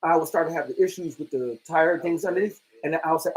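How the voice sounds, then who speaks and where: A man's voice: a little high, fast talker, husky, low-quality recording. A man in a religious group discussion, telling a rambling, plainspoken story and reading scripture aloud. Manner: rambling, plainspoken, restarts often. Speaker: member of a religious brotherhood. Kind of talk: casual chat and scripture reading.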